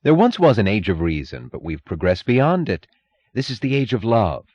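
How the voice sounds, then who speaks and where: A man's voice: on the low side, sing-song, normal speed, a little mellow, dull audio, pitched above the performer's own voice. A man reading an audiobook, voicing a smug middle-aged bureaucrat who preaches in an oily, sanctimonious manner. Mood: preachy.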